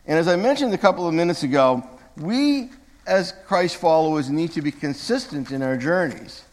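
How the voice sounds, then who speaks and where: A man's voice: fairly high pitch, lively intonation, moderate pace. Man preaching in an echoing church. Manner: conversational, with self-corrections and asides to the congregation. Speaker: pastor. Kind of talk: sermon. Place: church sanctuary.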